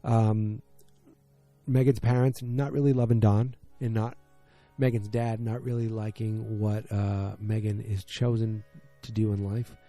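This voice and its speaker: A man's voice: lowish voice, flat delivery, measured pace, mellow, soft background music. A man hosting a podcast from his home basement, recapping an episode casually with lots of fillers and restarts. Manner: rambling, many fillers and restarts. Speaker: podcast host.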